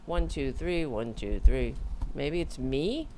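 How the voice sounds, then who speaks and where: A tired woman hosts her livestream from home, talking into a desk mic in a low voice. She rambles loosely, breaks off mid-thought and jokes with her viewers. A faint hum of room ambience sits behind her. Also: expressive, takes it slowly, warm tone. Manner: rambling, self-interrupting, joking. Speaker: host of a livestream show. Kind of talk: casual livestream chat. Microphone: home mic with audio interface.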